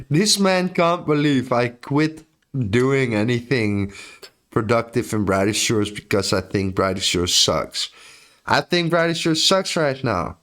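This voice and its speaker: A man's voice: medium pitch, slow pace, fairly bright tone. A European man streaming live, chatting casually and joking with his viewers in a laid-back, drawling way.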